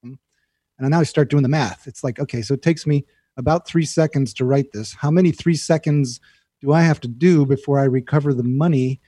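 A male guest telling stories in a casual chat, lively and acting out the voice in his head. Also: medium pitch, normal speed, dry recording, clean studio sound. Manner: animated storyteller, acts out an inner voice. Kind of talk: casual storytelling.

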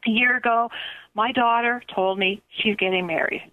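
A woman's voice: a little high, steady tone, moderate pace. A middle-aged woman with a Canadian accent hosting a radio show, talking to listeners in an enthusiastic, gushing way. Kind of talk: upbeat radio chat with promotions. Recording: phone-line quality audio.

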